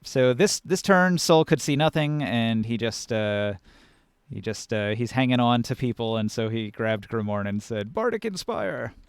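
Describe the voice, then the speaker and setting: Man running a tabletop game, smooth dry voice. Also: medium pitch, normal speed, no room sound. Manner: casual, animated narration with counting and sound words. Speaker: game master.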